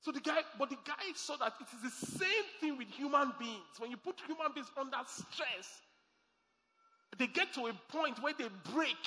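A man's voice: extremely high pitch, bright, forceful tone. A man preaching a sermon as pastor, emphatic and repeating his key lines. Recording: echoey hall with faint music.

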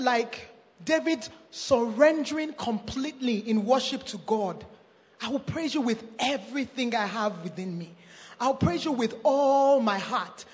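A woman preaching a sermon, reading scripture aloud with small stumbles and slowing down to stress her points. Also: fairly high pitch. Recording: long reverb of a large hall.

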